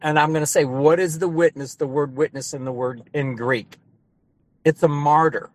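A pastor preaches fervently within a group discussion, piling up repeated phrases and climbing to loud bursts. His voice sits fairly high for a man. The call sound is plain and close. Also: fairly even intonation, normal speed, no room sound. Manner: emphatic and fervent, with repetition and rising bursts.

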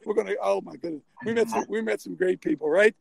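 A man's voice: high-pitched, fast, gravelly, slightly rough, no echo, low-quality recording. An older man hosting a casual call-in talk show, rambling and folksy with frequent restarts, talking from a vehicle.

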